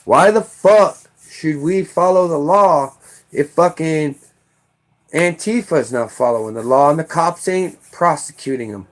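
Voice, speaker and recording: A man's voice: on the high side, measured pace. An American man in middle age delivering an angry, profane political rant with heated outbursts. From United States. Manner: heated, profane, shouting bursts.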